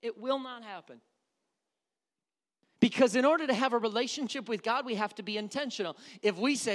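A male pastor preaching a sermon, swinging from loud urgent passages to hushed near-whispers and acting out quoted prayers. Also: high voice, animated, a little fast. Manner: acts out quoted prayers and everyday voices.

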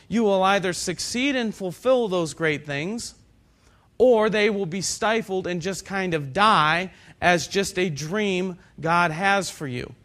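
Nasal, high-voiced preacher man. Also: fairly bright tone. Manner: slows down for scripture and key points. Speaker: pastor. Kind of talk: sermon. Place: cinema used as a church.

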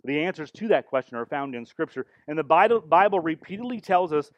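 A man with a fairly high voice preaching in a church, telling the story with dramatic force. The sound is dry and close, with little room echo. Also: lively intonation, a little fast, muffled recording. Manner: dramatic, rising to intense passages. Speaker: pastor. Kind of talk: sermon with live demonstration.

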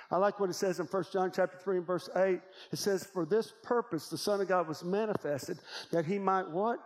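A man's voice: sits high, moderate pace. A man preaching a sermon in an emphatic, repetitive cadence. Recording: long hall reverb.

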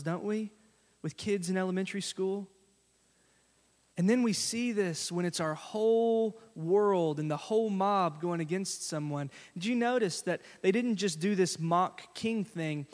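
A man's voice: sits high, in a large hall. A male pastor giving a sermon in a conversational, storytelling way, often asking the congregation questions. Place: church sanctuary.

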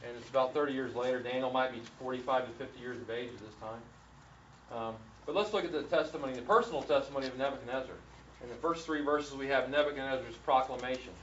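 A man's voice: medium pitch, fast, fairly bright tone. A man giving an earnest verse-by-verse Bible lesson, often restarting and repeating words. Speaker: Bible teacher. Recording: roomy, distant, dull lo-fi sound with faint hiss.

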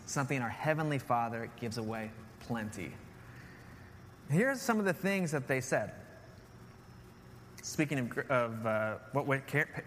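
A man's voice: medium pitch, fairly bright tone. Preacher, male, thirties: earnest, drives points home with repetition, hall reverb, light hiss. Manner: earnest, repeats key phrases with "right?". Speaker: pastor. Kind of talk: sermon. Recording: long hall reverb, faint noise.

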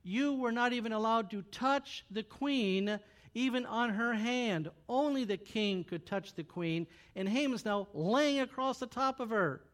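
A man preaching, retelling a Bible story in a casual, joking, animated way. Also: very high-pitched, a little slow. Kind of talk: sermon storytelling.

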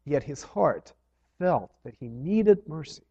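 A man's voice: lively intonation, slow, slightly rough. Earnest man preaching in a long-echo hall. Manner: earnest, swells loud on key phrases then drops low. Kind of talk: sermon. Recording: dull sound with long hall reverb.

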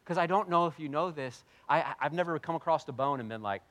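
A man preaching a sermon, animated and jokey, swinging between loud bursts and quiet asides. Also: a little high, fast. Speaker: pastor.

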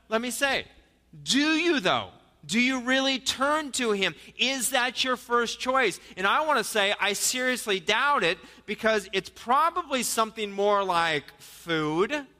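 A man preaches a live sermon as pastor, speaking conversationally and asking his listeners rhetorical questions. His voice is high and sharp, and the hall gives long reverb.

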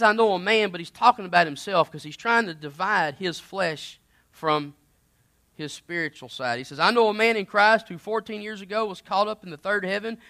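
Bright, high-voiced man preaching. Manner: conversational preaching, swings between loud emphasis and quiet asides. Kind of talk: sermon.

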